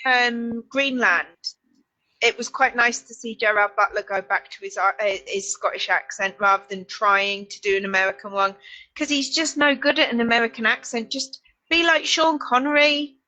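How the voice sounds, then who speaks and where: A woman with a Northern English accent, co-hosting a casual knitting chat, quick to agree and joke. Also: fairly high pitch, bright, forceful tone, low-quality recording. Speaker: podcast co-host.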